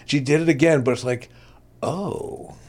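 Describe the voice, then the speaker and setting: A man in his sixties hosting a podcast, telling stories in a casual, animated way and acting out quotes. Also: a little slow. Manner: animated, acts out quotes with big pitch jumps. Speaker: podcast host. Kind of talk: casual storytelling chat.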